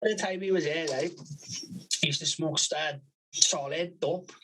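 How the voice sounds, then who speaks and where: A man's voice: a little high, measured pace, fairly bright tone, a little hiss or hum, poor audio. A man telling a long funny story in casual chat, swearing constantly and laughing at his own tales. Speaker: podcast co-host.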